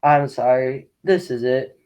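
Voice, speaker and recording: A man playing a relaxed, scatterbrained casting assistant who talks in a casual, offhand way, over a video call. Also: mid-range voice, measured pace, clean tone, natural voice, low-quality recording. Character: laid-back, scatterbrained young male casting assistant.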